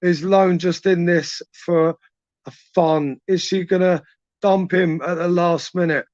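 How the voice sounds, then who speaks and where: A man's voice: high-pitched, fairly even intonation, unhurried, darkish tone, no echo, muffled recording. A young man hosting a late-night live chat stream, reading viewers' messages and bantering crudely in laddish slang. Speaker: livestream host reading chat.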